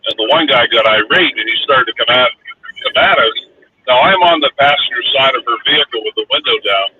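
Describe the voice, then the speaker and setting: A man's voice: medium pitch, a little fast. A man hosts a live stream and spins a long, rambling story, full of fillers and small restarts. His voice sits in an ordinary middle register. It comes through thin and phone-like, as if heard from across a room, with a light hiss under it. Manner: rambling, anecdotal, many fillers. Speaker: livestream host. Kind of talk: casual storytelling chat. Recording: distant tinny phone-like line with faint hiss.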